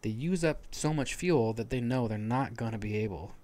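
A man's voice: mid-range voice, moderate pace, darkish tone. A man co-hosting a podcast, casually retelling a novel's plot at length with frequent restarts and fillers. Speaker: podcast co-host. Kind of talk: casual book discussion.

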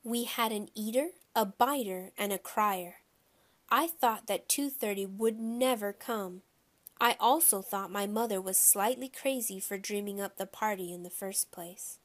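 A woman narrating a children's audiobook in a lively, expressive reading style. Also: mid-range voice, unhurried.

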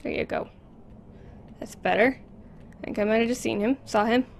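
Brief: woman, horror game let's play, jittery, repeats words, a bit high-pitched, close mic, faint room hum. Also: steady tone, normal speed, gravelly. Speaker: gameplay commentator. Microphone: close desk microphone.

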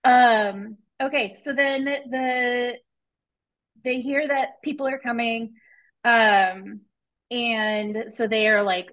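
A woman's voice: on the high side, takes it slowly, a bit bright, poor audio. A woman co-hosting a podcast over a video call, chatting loosely as she recaps a book, with easy laughs and plenty of filler words. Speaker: podcast co-host. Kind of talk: casual chat recapping a book.

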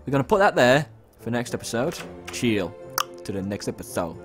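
A young man chats his way through a game, lively and expressive, his pitch bouncing freely. He reads on-screen lines aloud with playful outbursts. Soft game music plays underneath. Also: a little fast. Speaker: let's play host. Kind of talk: casual gameplay commentary.

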